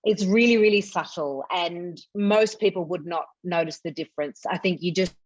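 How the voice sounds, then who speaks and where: A woman's voice: on the low side, moderate pace, no room sound. Australian woman guest, dry dull sound. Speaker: psychologist guest. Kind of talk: casual interview chat.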